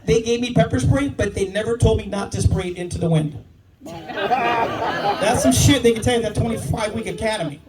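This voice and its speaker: Brash, profane stand-up comic, high voice. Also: male voice. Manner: brash, profane, fast storytelling punctuated by laughs. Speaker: stand-up comedian, police officer. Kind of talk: stand-up comedy. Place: comedy club stage before a live audience. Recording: distant mic with loud crowd laughter.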